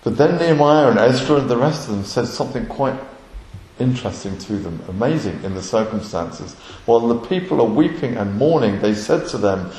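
A man's voice: medium pitch, lively intonation, brisk, a little mellow. A man preaching with fervor, his voice climbing to emphatic peaks before settling back. He speaks in a middle register. The sound carries a noticeable room echo, as if he is in a reverberant space. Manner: impassioned, rising to emphatic peaks. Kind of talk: sermon. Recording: echoey room.

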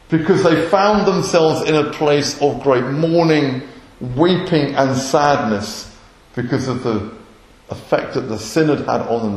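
A man's voice: medium pitch, a little mellow. A man preaching a sermon with impassioned delivery, rising to emphatic peaks. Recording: echoey room.

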